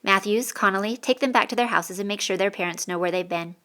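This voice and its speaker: A woman's voice: mid-range voice, fast, a bit bright, lightly acted. A woman voicing a bossy adult male soldier captain who talks down to the children with sarcasm. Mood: mocking. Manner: sarcastic, commanding.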